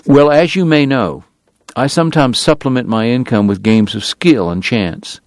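A man voicing a formal, long-winded gentleman dentist and gambler with a Southern drawl, verbose and precise. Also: mid-range voice, normal speed, no echo, voice pushed up, close to an everyday voice. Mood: indignant. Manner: verbose, precise and courtly, prickly about his honor.

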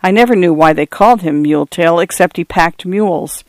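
A man reading the part of an old pioneer grandfather who tells the same stories slowly, over and over, in a storybook. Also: high-pitched, dry recording. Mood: reminiscing. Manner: slow, repeating old stories.

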